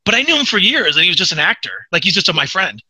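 A man hosting a podcast, chatting casually and telling stories in an animated, chatty way. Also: high voice, very fast, husky, no echo. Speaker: podcast host. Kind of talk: casual chat.

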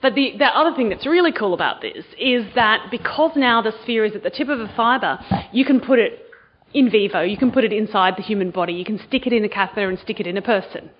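A woman's voice: medium pitch, fast talker. Woman lecturer, upbeat, teaching style, slightly muffled lecture recording. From Australia. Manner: enthusiastic, quizzes the audience. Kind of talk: university lecture to students. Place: lecture hall.

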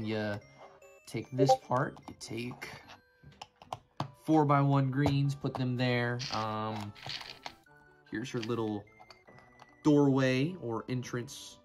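A man giving casual commentary on a toy build, rambling and joking as he goes. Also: mid-range voice. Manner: rambling, joking, easily sidetracked.

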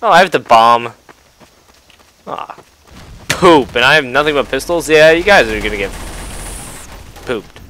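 A young man giving excitable gaming commentary, yelping and reacting to the game as he plays at his computer. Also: mid-range voice, measured pace, long pauses, slight background noise. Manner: excitable, yelps and laughs at the game. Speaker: gameplay youtuber. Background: gunfire from the game.

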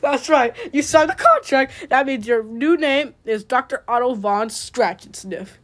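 A woman's voice: sits high, sing-song, unhurried, a bit bright. A woman hosting a puppet comedy skit, bossy and giggly as she orders the other characters around. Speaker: puppeteer host.

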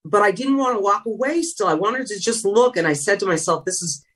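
Husky woman recalling, a little off-mic. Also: mid-range voice, lively intonation, a little fast, fairly bright tone, recorded from a distance. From California. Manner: reflective, emotional storytelling. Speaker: guest, retired sideline reporter. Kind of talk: conversational interview.

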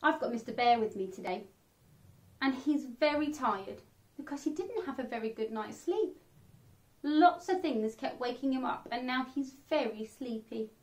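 A woman reading a children's picture book aloud, animated and expressive, acting out the sound effects. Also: sits high, normal speed. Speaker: children's storyteller.

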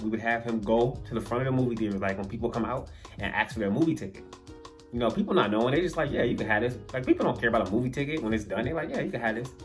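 Racing along at medium pitch over soft background music, the young adult storyteller vlogger recounts a funny personal episode to camera. He keeps it slangy and casual in this story-time monologue, laughing throughout.

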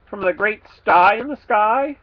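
Guy doing a grunty slurpy storybook pig, greedy and cheeky, kinda high, tinny sound. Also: unhurried. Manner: grunting, slurping, sing-song rhymes.

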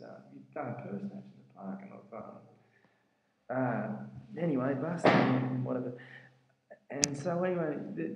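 A man with an Australian accent telling a story in a rambling, halting way, using slang like mate. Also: lowish voice, creaky. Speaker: jiu-jitsu fighter and writer. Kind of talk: casual anecdotal storytelling. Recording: very echoey, dull lo-fi sound.

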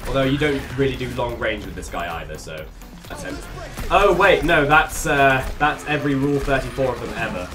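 Excitable swearing gamer, slightly off-mic. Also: medium pitch, fairly quick, far from the mic, over music. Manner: excitable, swears and yelps, laughs a lot. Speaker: streamer playing a shooter game. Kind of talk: live gameplay commentary.

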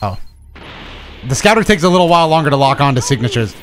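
A young man streaming a video game, talking to himself in excitable, profane commentary. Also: a little high, fast, faint music behind. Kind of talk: casual gameplay commentary.

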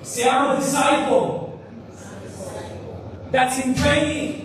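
A male pastor preaching an energetic sermon with call-and-response, exclamations, and swings from shouts to hushed lines, in a church sanctuary. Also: extremely high pitch, slow pace. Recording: echoey church hall, distant mic, noisy.

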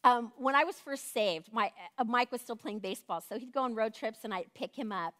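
A woman's voice: on the high side, fairly quick, fairly bright tone. A woman teaching a women's Bible study in a casual, conversational way, often checking in with "right?".

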